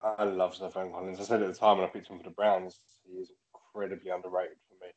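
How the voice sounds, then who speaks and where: A man with a low voice talks casually as a podcast co-host, joking and teasing as he goes. He has had a few drinks. The sound is dull and lo-fi. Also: little pitch movement, fast, darkish tone. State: tipsy. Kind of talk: casual sports chat.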